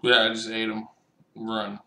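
A bright, forceful young man doing loose gameplay commentary. He jokes and swears freely and calls out to the other players as he plays. He talks slowly, with unhurried pauses. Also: on the low side, monotone, creaky, echoey room.

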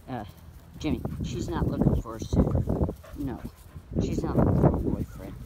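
A man's voice: on the high side, lively intonation, measured pace, pauses often, very noisy. A man with a Southern US accent giving a rambling, casual farm vlog outdoors, calling out to his dogs and chuckling now and then. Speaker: dog breeder and farmer. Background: dogs and outdoor farm sounds.

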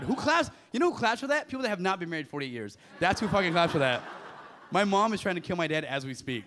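Profane, high-voiced male stand-up comic. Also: a bit bright. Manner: loose, profane, laughing at his own bits. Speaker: stand-up comedian. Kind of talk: stand-up set. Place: comedy club stage. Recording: live club with audience.

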